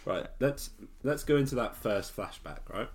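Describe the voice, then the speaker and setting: A man's voice: medium pitch, lively intonation, moderate pace. A man co-hosting a podcast, chatting casually and giving blunt, opinionated takes. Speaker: podcast co-host. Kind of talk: casual chat.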